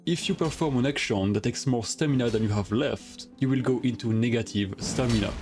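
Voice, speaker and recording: A young man with a French accent, narrating a scripted gaming guide in a steady, methodical, explanatory way. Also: mid-range voice, fairly quick. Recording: light music behind.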